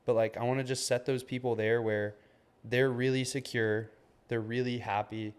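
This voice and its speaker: In a clear, resonant medium-pitched voice with flat delivery and a moderate pace, a man in his twenties co-hosts a podcast. He chats casually and rambles loosely, dropping "like" and "man" constantly.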